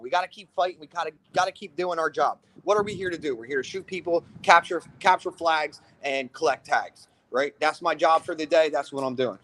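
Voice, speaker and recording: A man casually telling a paintball story on a podcast, animated and profane, asking "right?" again and again and acting out other people's lines. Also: high voice, dry recording. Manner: acts out other people's lines in quick bursts. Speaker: paintball team commander.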